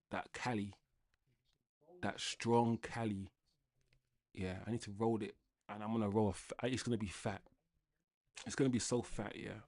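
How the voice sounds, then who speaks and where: A young man hosting a live football watchalong, ranting casually to his chat and swinging between loud outbursts and low muttering. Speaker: livestream football watchalong host.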